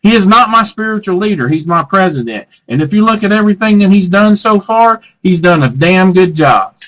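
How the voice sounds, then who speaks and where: A man's voice: high voice, expressive, brisk, a bit bright, poor audio. A man co-hosting live political talk radio, earnest and insistent, lining up his points. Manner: earnest and insistent, lists points with "you know". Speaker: radio talk show co-host.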